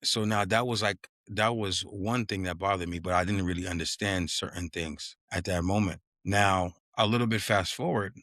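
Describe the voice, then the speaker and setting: Podcast host, young New man, low voice, dry close mic, animated storyteller. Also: moderate pace, hardly any pauses, no room sound. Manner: animated, acts out quotes in a raised voice, drops "yo" and "you know what I mean". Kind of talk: casual storytelling chat.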